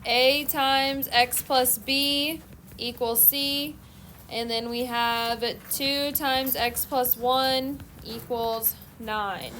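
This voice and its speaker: A woman math teacher giving a classroom lecture, explaining steps in a steady, methodical way. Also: sits high, drawn-out words, a little hiss or hum.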